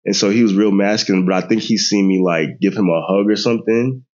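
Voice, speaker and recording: A low-pitched man in his thirties tells a family story on a podcast, animated and laughing often, slipping into voices of relatives. The sound is dull and lo-fi. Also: quick pace. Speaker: podcast guest. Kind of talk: casual storytelling chat.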